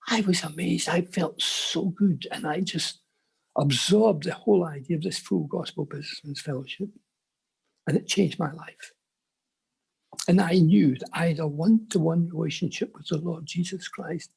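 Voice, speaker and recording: An older man telling his personal faith story in an earnest storytelling manner with quiet asides. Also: a little high, vocal fry, husky. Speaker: conference speaker. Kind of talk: personal testimony.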